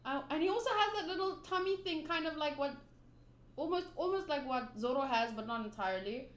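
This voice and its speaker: A woman's voice: high voice, expressive, a little fast. A woman casually reading through a manga aloud and commenting between panels in a chatty, gushing way. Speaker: manga reader and channel host. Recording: roomy room echo.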